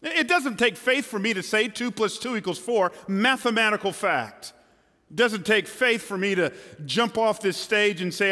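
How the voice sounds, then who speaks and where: Male pastor, sermon from the stage, bright ringing tone, long church reverb. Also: high voice, expressive, normal speed. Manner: emphatic, colloquial, swings from loud to hushed. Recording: long hall reverb, faint music.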